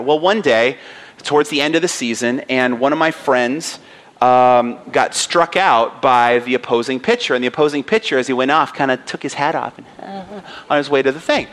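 A man's voice: a little high, fairly bright tone. A man in his thirties, a pastor preaching a sermon with earnest emphasis and personal stories.

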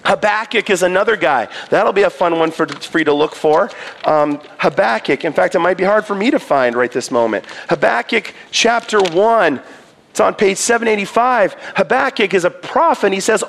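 A man preaching a sermon, reading scripture dramatically, moving between loud pleas and hushed low passages. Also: big pitch swings, moderate pace. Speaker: pastor.

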